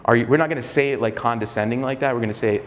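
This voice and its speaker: A man's voice: mid-range voice, rapid-fire, long reverb tail, a little hiss or hum. A man giving a live sales training, talking casually and profanely with a slightly arrogant edge and acting out both sides of sales calls. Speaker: sales coach.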